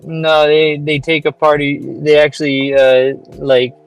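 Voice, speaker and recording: A man's voice: fairly high pitch, completely flat delivery, measured pace, gravelly, clear, resonant tone, soft background music. A man chatting casually in a laid-back, matter-of-fact way. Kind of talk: casual chat.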